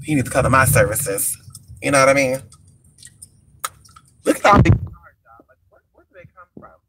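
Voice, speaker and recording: A man's voice: medium pitch, sing-song, moderate pace, background noise. A man chatting casually and profanely on a live stream from a vehicle, greeting viewers by name. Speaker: vlogger.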